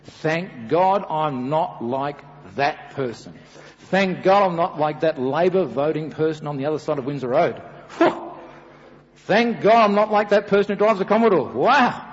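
A man's voice: a little high, normal speed, lightly acted. A man with an Australian accent putting on a smug, self-righteous man who looks down on others. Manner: smug, preening. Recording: dull with long reverb.

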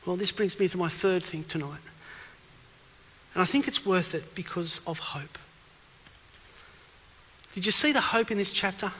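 Preacher with a bright, high voice. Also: male voice, moderate pace, long pauses, big-room sound, slight background noise. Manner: questioning, emphatic, rises in force. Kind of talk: evening sermon.

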